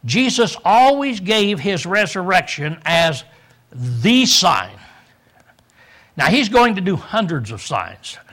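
A man preaching a verse-by-verse Bible lesson in a high, bright voice. He clears his throat often as he goes. He acts out the quoted speakers to make his points. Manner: teaching tone, acting out quoted lines, frequent throat clearing. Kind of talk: sermon, verse-by-verse Bible teaching.

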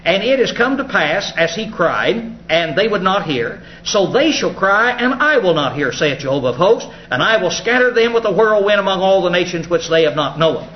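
A high-pitched man teaching scripture in a folksy, halting manner, often pausing on filler sounds. The recording is roomy and echoing, a little muffled, with faint ambient noise behind him. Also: sing-song. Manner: folksy, explanatory, halting with many uh's. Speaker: preacher. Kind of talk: Bible study sermon.

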